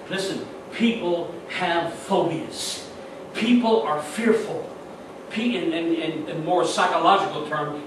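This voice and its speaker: A man preaching a sermon earnestly, swinging from loud emphatic peaks to soft reflective asides with frequent restarts, recorded from a distant mic in an echoey church with background noise. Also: on the high side. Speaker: pastor. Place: church sanctuary.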